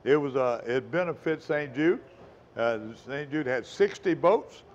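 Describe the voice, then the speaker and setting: A man's voice: on the high side, animated, a little slow, lo-fi sound, slight background noise. A man hosting a fishing show, rambling in a folksy, casual way. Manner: rambling, folksy, talks with mouth full. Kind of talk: casual chat.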